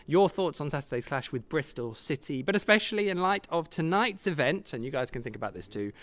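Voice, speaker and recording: A man's voice: on the high side, fairly bright tone. A man hosting a live football talk show from a stadium, chatty and joking with his guests. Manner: chatty, jokey and quick. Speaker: host. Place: stadium function room.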